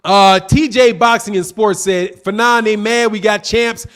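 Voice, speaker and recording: A man's voice: high-pitched, steady tone, unhurried, fairly bright tone. A man hosting a live boxing stream, arguing combatively and mockingly with his viewers while reading super chats. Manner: combative, mocking, trash-talking. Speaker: boxing channel host.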